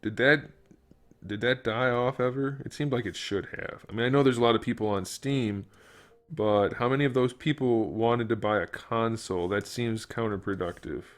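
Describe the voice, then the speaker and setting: This man, mid-range and at a normal pace, chats casually on a stream while working on a toy figure. Much of it is him thinking out loud under his breath, broken up by jokes aimed at the audience.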